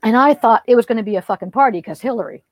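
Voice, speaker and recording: Chatty woman comedian, higher voice. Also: rapid-fire, dry recording. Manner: expressive, chatty, laughs while talking. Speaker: comedian guest. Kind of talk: animated storytelling.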